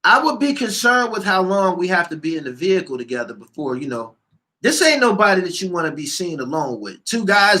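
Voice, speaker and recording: A man ranting loudly and profanely, reading out comments and answering them heatedly, repeating his lines for emphasis. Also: sits high, sing-song, fairly quick. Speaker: show host.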